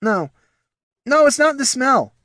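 In a storybook reading, a man performs a full character voice for a polite, formal scribkin banker who comes across as flustered and guilty. The voice sits high, above the performer's own, with big pitch swings, a moderate pace and a slightly bright tone, recorded in clean studio sound with no room sound.

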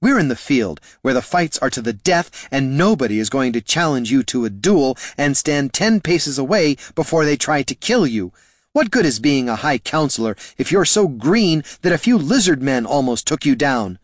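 A man voicing a blunt, violent, hard-drinking woman ranger with a sharp, scolding manner in an audiobook. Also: mid-range voice, sing-song, moderate pace, no echo, clean studio sound, voice pushed up. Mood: fierce.

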